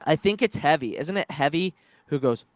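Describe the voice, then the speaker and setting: A man hosting a podcast, chatting casually and excitedly, with many fillers and restarts. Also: a little high, moderate pace, no room sound. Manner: excited, retells scenes with filler-heavy restarts. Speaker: podcast host. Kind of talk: casual chat.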